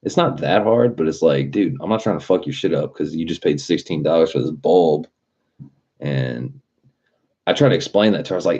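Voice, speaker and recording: Male streamer, very deep mellow voice, profane rambling storyteller. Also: expressive, brisk, dull audio. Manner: profane, rambling storyteller who laughs at his own stories. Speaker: livestream host. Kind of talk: casual livestream chat.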